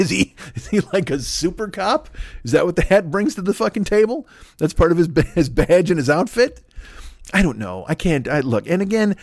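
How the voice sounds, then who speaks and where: A man delivering a rambling, profane comedic monologue, slipping into quick voices for the people in his story. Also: on the high side, darkish tone, dry recording, studio quality. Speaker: podcast host.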